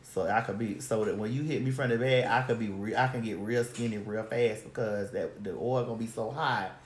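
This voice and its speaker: A woman's voice: very deep voice, a little fast, slight background noise. A woman hosting a casual chat, telling brash, profane, rambling stories. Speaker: host. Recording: roomy echo.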